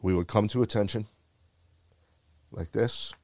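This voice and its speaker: On the low side and darkish in tone, this man speaks unhurriedly in a clean studio recording with no room sound. A retired firefighter from the Bronx, New York, he earnestly tells a heartfelt personal story full of repeated phrases.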